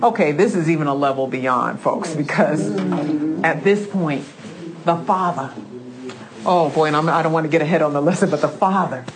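Lady bible teacher, lowish voice, super fervent, reads scripture and keeps shouting praise. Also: normal speed, crowd noise, poor audio.

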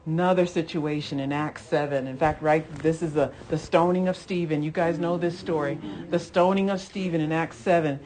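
A woman preacher giving a conversational sermon, retelling scripture with animated storytelling, repeated phrases and emphatic exhortations to her listeners. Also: deep voice, normal speed, few pauses, crowd noise.

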